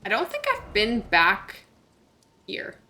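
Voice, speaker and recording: Chatty woman game streamer, bright tone, playful live commentary. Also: medium pitch, wildly swooping pitch, takes it slowly. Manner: chatty, joking, reacts aloud.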